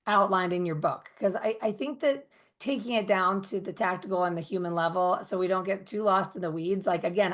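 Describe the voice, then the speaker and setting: A woman hosting a podcast interview, engaged and guiding the conversation with long questions. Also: on the low side. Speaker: podcast host. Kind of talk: casual interview.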